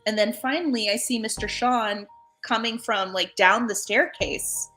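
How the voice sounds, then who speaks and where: A woman telling a ghost story in casual chat, animated and laughing, acting out the voices of the people in it. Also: on the high side, unhurried, soft background music.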